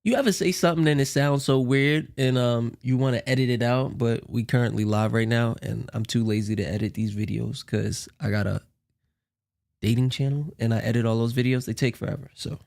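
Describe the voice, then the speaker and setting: A man's voice: medium pitch, steady tone, fairly quick, creaky, darkish tone. A man hosting a casual reaction commentary, joking and rambling in asides. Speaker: commentary host.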